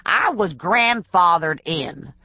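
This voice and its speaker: A woman's voice: on the low side, lively intonation, takes it slowly, breathy edge, dry recording, lo-fi sound, exaggerated voice. Woman doing snarling old mountain man. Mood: defiant. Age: older. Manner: snarling rural drawl, ungrammatical. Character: ornery old male mountain storekeeper.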